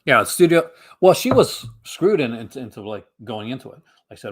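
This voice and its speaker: A man's voice: medium pitch, very animated, normal speed. A man hosting a casual livestream, answering his chat in a rambling way full of fillers and restarts. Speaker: livestream host.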